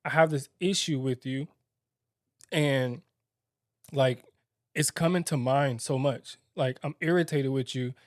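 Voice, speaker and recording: A young man with a medium-pitched voice co-hosts a married-couple podcast, recorded in a clean studio with no echo. He speaks candidly and reflectively, halting often with lots of fillers and restarts.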